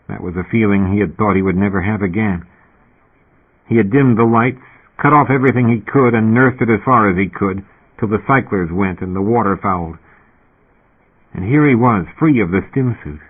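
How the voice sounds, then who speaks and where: A man narrating an audiobook in a steady storytelling manner. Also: fairly low pitch. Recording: tinny phone-like audio.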